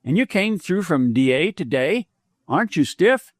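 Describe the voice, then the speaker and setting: A man voicing a polite, proper young gentleman who speaks formally. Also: fairly high pitch, very animated, normal speed, no room sound, studio quality, voice pushed up. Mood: courteous. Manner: formal and courteous.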